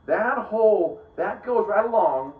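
Middle-aged guy preaching off the cuff, kinda high voice, rambles and restarts, roomy dull recording. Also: lively intonation, measured pace. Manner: rambling, conversational, self-interrupting. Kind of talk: casual Bible teaching.

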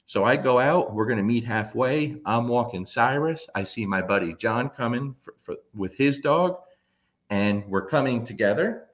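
A man who trains dogs, telling stories in a casual, animated way. He swears now and then and briefly acts out his dogs and friends. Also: medium pitch, normal speed. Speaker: dog trainer. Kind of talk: casual storytelling talk.

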